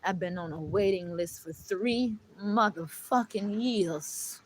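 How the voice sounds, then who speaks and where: A woman's voice: mid-range voice, takes it slowly, a little hiss or hum, low-quality recording. A woman vlogger in an emotional monologue to camera, blunt and preachy, swearing often and calling viewers "baby" and "honey.".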